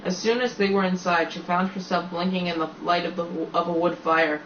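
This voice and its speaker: A man's voice: high voice, steady tone, a little fast, fairly bright tone, slight background noise. A man reading a children's story aloud, unrehearsed, with frequent stumbles and restarts. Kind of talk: storybook read-aloud narration. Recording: roomy, slightly dull home recording.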